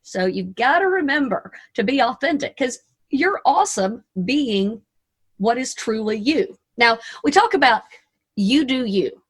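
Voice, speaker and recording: A middle-aged woman from Arkansas with a Southern US accent, a radio DJ giving a lively motivational talk over a video call, folksy and chatty with playful asides. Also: fairly high pitch. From Arkansas, USA.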